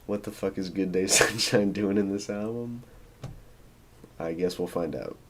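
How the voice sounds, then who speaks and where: A man's voice: deep voice, a little slow. A man hosting a casual album reaction, blunt and profane, laughing at his own rants. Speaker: music reaction host.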